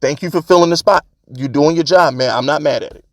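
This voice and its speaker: A man's voice: on the high side, fast, no room sound, studio quality. A man hosting his own sports video, ranting casually and emphatically to his viewers, slangy and repeating his points. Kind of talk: casual fan rant to camera.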